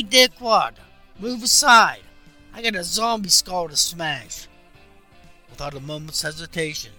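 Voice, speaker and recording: A man reading a short horror story aloud with dramatic delivery. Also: mid-range voice. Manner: dramatic, loud bursts for the girl's lines. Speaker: story narrator.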